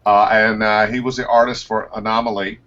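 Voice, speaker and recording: Lively man animated voice actor, muffled call audio. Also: brisk. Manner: animated storyteller, pitch leaps up and down. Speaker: voice actor guest. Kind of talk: casual interview over a video call.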